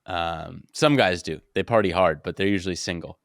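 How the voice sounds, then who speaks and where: A man's voice: deep voice, normal speed, gravelly, dry recording, studio quality. A young man co-hosting a podcast in casual chat, rambling and joking with playful analogies. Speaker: podcast co-host.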